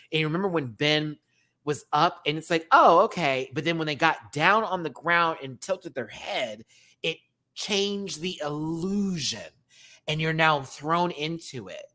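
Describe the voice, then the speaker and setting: A man's voice: a little high, pushed and bright. A man from Texas with a light Southern twang, ranting animatedly in a casual review and repeating words for emphasis. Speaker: drag show reviewer. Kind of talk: casual video review rant.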